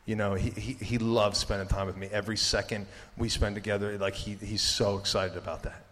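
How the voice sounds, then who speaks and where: A man's voice: fairly low pitch, flat delivery, brisk, fairly bright tone. A man giving a casual, jokey faith talk to students as a campus ministry speaker, rambling with lots of "like" and "you know". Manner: rambling and jokey, heavy with 'like' and 'you know'. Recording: long hall reverb.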